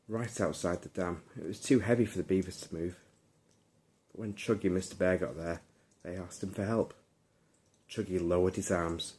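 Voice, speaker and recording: A man reading a bedtime story aloud in a calm, soothing storytelling manner. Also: sits low. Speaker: narrator.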